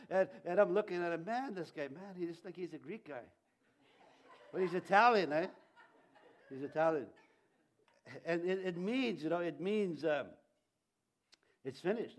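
A middle-aged male pastor giving a conversational Easter sermon, animated with jokey asides and audience questions. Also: on the high side.

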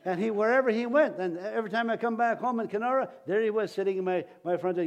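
High-voiced pastor preaching, folksy and rambling. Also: male voice, fast, hardly any pauses, slight background noise. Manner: folksy, rambling delivery with many restarts. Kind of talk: sermon.

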